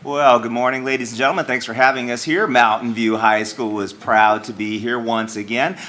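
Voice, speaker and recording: School principal introducing a speaker; jovial and light, with a mid-range voice. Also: male voice, medium pitch, steady tone, normal speed, sharp tone. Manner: jovial, joking. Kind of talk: ceremony introduction.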